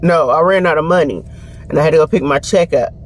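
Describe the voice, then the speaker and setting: A woman's voice: low-pitched, fast. Young woman vlogging on her phone, laughing a lot, acts out what people said. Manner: animated, laughing, swearing freely, quoting others. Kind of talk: casual storytelling vlog. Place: home and car.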